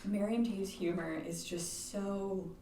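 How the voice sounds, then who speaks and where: A woman's voice: medium pitch, steady tone, slow, mellow. A woman co-hosting a podcast, chatting casually about a book and retelling scenes. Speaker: podcast co-host. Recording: echoey room, distant mic, faint noise.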